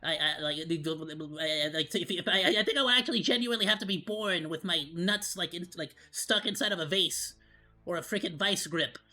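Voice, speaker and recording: Male streamer, bright cartoonish monkey voice, rambling and casual. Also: fairly quick, soft background music. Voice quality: put-on high cartoonish monkey voice. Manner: rambling, lots of fillers and restarts. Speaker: VTuber streamer.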